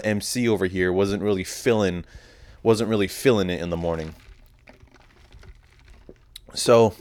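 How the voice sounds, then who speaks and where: A young man hosting a podcast, telling a story in a rambling, heavily profane casual monologue. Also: on the low side. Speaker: podcast host.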